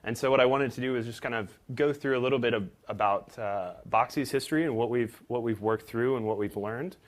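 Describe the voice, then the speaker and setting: A young man gives a conference talk to a room of developers. He is self-deprecating and fills his speech with ums and restarts. His voice sits at an ordinary middle pitch. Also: fairly quick. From Texas. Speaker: startup presenter.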